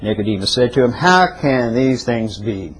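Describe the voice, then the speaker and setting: A man teaching a Bible class lecture, restarting and correcting himself often, then getting excited and rising sharply in pitch to stress his points. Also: moderate pace, slightly rough, rough recording.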